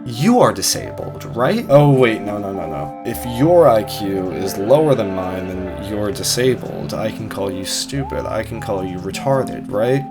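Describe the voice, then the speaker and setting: A man with a lowish voice gives a sardonic, provocative rant as a video essayist. A clear music bed runs under his voice throughout. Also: animated, a little slow, hardly any pauses. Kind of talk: argumentative monologue.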